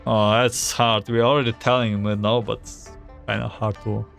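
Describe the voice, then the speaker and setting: A man's voice: fairly low pitch, flat delivery, normal speed, gravelly, a bit bright, faint music behind. A man streaming a game, reading the dialogue aloud and reacting with anxious groans between lines.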